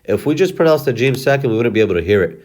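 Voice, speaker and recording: A man teaching reading step by step, sounding out words syllable by syllable and repeating them slowly, with apologetic self-corrections. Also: medium pitch, expressive, darkish tone.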